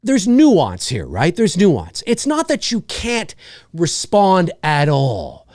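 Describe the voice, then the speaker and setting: A man in his forties hosts a casual live-stream rant. His voice sits high for a man and moves all over, animated and exasperated. He's recorded dry and close, with no room sound. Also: slow, dry recording. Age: 40s. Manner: animated, exasperated, mimics crowd shouts. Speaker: live show host.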